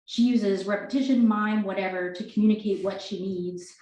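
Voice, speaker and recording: A woman's voice: medium pitch, fairly even intonation, moderate pace, few pauses, a little mellow. A woman introducing and reading her work at a book launch, chatty and self-deprecating, with stage directions read plainly. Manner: chatty, self-deprecating, laughing between lines. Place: bookstore event room indoors. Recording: echoey room.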